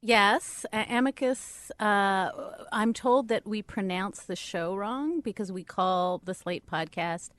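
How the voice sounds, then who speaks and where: A woman's voice: mid-range voice, slow pace, hardly any pauses, fairly bright tone. A woman who writes on the courts, a guest on a podcast interview, explaining legal points in an articulate way.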